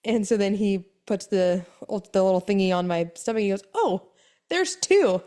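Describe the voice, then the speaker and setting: A woman's voice: mid-range voice, brisk. Chatty young woman telling a story. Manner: chatty storytelling, animated quoted voices, frequent laughs. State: pregnant, exhausted from sickness. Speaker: podcast co-host. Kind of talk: casual chat.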